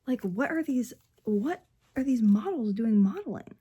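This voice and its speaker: A woman's voice: on the high side, lively intonation, measured pace, dark tone, breathy edge. A young woman vlogging as she unboxes albums, gushing and gasping, swinging between squeals and whispers. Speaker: book and K-pop vlogger. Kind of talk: casual unboxing vlog.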